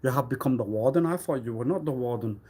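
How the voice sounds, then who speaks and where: A man on a live stream delivering a rambling, accusatory monologue, swinging between loud outbursts and low muttering. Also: fast talker, slightly rough. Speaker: livestreamer.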